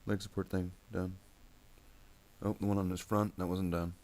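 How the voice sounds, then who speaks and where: A man's voice: sits low, level tone, normal speed, a little mellow. A man who paints miniatures on a stream, rambling and joking to himself as he works. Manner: rambling, jokey, talks to himself. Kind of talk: casual chat while painting.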